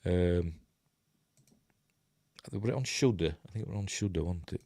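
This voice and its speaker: A man's voice: sits low, normal speed, mellow, no echo. A middle-aged man with a Yorkshire accent hosting a casual film breakdown, rambling through the plot with chuckling asides and chatting to viewers. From Yorkshire, England. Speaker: host of a film review show.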